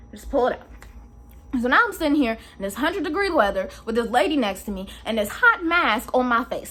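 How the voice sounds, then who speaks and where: A young woman tells a storytime vlog with animated, exclamatory, slangy delivery. Her pitch sits a little high and leaps all over. Her voice is a touch husky. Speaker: vlogger.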